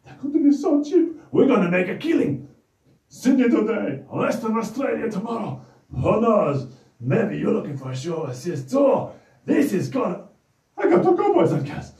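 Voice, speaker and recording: A giddy, boastful show-off who talks about himself in the third person and gushes in clipped, childlike phrases, as a man puts him on. The voice rides high and swoops wildly between shouts and mutters. It sounds far from the mic in a roomy, echoing space. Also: very animated, normal speed. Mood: boastful excited. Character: excitable boastful male character, childlike broken speech. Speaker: regular character of a children's Bible show. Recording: roomy echo, distant mic.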